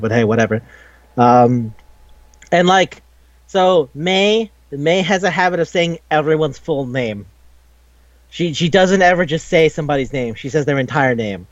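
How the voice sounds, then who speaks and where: A man's voice: mid-range voice, no room sound. A man co-hosting a casual anime recap podcast, swearing often, laughing and acting out the characters' lines. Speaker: podcast co-host. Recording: dull lo-fi sound, dry room.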